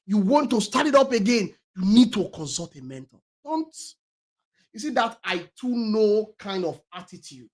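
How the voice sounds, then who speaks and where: A man's voice: high voice, very animated, normal speed. A man hosting a talk show, giving an emphatic motivational talk that repeats its key phrases and restarts often. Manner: swings between loud stresses and quiet trailing words.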